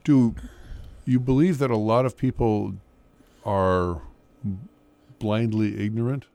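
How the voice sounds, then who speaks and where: A man's voice: lowish voice, steady tone, slow, a little mellow. A man hosting a casual interview, asking questions and adding short agreements.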